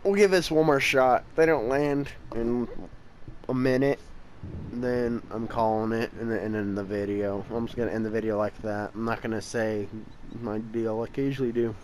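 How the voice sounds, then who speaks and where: Tired, frustrated young gaming host. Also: male voice, medium pitch, fairly even intonation, moderate pace, a little mellow, a little hiss or hum, poor audio. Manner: frustrated, impatient, talks to the game. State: tired and yawning. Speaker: gameplay channel host. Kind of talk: casual let's-play commentary.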